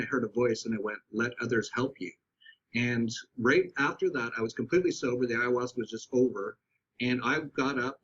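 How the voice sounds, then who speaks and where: A man as a podcast guest, telling a candid personal story in a reflective, halting way with many restarts. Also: medium pitch, fairly bright tone, breathy edge, dull audio.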